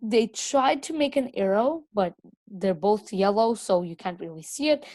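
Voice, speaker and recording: A woman's voice: medium pitch, animated, measured pace, a little mellow, no echo. Rambling woman teaching code. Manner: rambling, many fillers and self-corrections. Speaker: coding tutor. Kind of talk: casual screen-recorded coding lesson.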